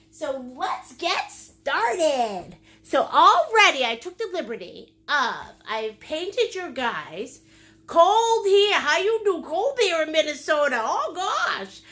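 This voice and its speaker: A woman's voice: very high voice, sing-song, slow pace, sharp tone. A woman hosting a live paint-along class, bubbly and silly, greeting viewers by name and teasing playfully. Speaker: painting instructor and host.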